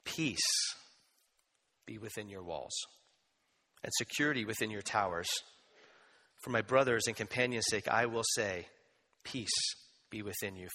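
Preaching man in a reverberant hall. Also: fairly low pitch. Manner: conversational, animated preaching with asides and humor. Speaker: pastor. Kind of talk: sermon.

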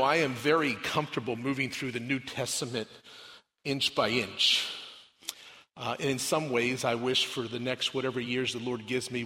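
A man preaching a sermon as pastor in a church, talking casually to his congregation with some restarts. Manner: conversational, then reads scripture aloud louder and higher. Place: church sanctuary. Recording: long hall reverb.

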